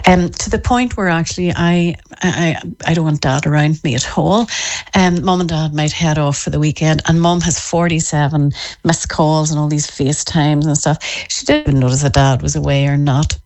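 A woman with a notably low, grounded voice talks through parenting patterns on a podcast. She is animated and often drops into quick impressions of parents speaking. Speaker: parenting author. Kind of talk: podcast interview.

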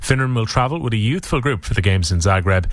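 A man reading the radio sports bulletin in a brisk, steady way into a studio mic. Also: on the low side, no echo. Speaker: sports newsreader.

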